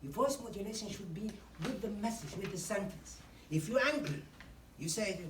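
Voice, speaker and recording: A woman's voice: medium pitch, animated, moderate pace, darkish tone, a little hiss or hum. A woman teaching a public speaking workshop to a live group, acting out examples as she goes and often saying "you know". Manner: demonstrative, acts out examples, frequent "you know". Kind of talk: instructional talk to a live group. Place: meeting room. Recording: roomy echo, distant mic, faint ambience.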